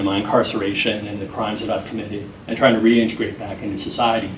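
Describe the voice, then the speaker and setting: Earnest, measured man in a roomy space. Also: on the low side, recorded from a distance, slight background noise. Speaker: interview guest. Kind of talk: earnest, reflective interview talk. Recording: roomy sound from off-mic, faint music behind.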